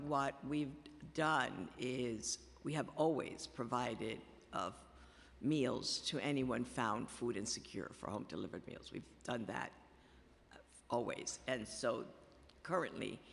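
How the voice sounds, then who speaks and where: A man with a Bronx accent testifying at a budget hearing, halting and full of fillers and restarts. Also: medium pitch, gravelly, a bit bright. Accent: Bronx New York. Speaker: city agency official testifying. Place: large council chamber. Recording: long chamber reverb.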